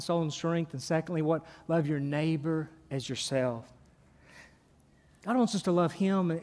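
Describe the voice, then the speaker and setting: A middle-aged man preaching a sermon, his voice sitting high for a man. He is emphatic and animated, repeating words as he drives points home with questions. His voice rings out with long reverb through a big church hall. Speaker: pastor.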